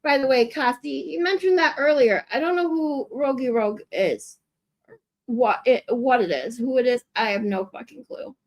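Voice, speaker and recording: A woman's voice: high-pitched, normal speed. A woman hosting a livestream who reacts to clips in a bewildered, exasperated way and swears in her asides. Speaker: livestream host. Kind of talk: casual reaction commentary.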